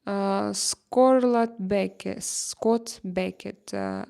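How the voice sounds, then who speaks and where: A woman with a Russian accent hosting a casual livestream chat, reading out viewer comments in a halting way with many fillers and restarts. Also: mid-range voice, big pitch swings, gravelly, dark tone, clean tone. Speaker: livestream host.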